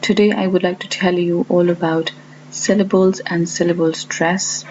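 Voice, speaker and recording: Woman teacher, measured and careful, sounding out each example word, low-pitched, on a muffled recording. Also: steady tone, a little mellow. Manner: slow and deliberate, stresses example words. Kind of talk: explaining to learners. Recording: dull lo-fi audio with faint hum.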